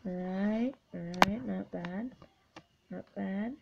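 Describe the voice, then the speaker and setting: A woman giving excitable, swearing let's-play commentary, cheering on her units. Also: mid-range voice, extremely slow, vocal fry. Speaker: gamer. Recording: dull lo-fi recording with faint hiss.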